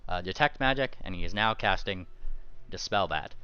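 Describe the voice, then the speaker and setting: A man narrating as game master, halting and hesitant, with frequent fillers. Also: deep voice, lively intonation, bright, forceful tone, clear, resonant tone, dull audio. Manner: halting, with many fillers and restarts.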